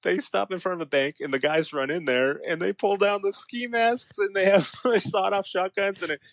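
A man co-hosting a casual chat, telling a story with lots of energy, his voice climbing high and breaking into laughter as he gets excited. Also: moderate pace, dry recording. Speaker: podcast co-host.

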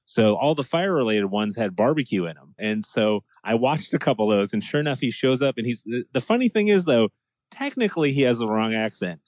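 Animated man from New England. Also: medium pitch, dry recording. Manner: animated, laughing, does quick impressions. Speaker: podcast co-host. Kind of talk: casual chat.

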